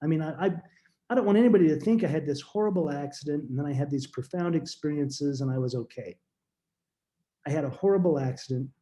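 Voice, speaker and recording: On a podcast, a middle-aged man shares a deeply personal story. He sounds earnest and halting, often restarting his words, and his voice is mellow.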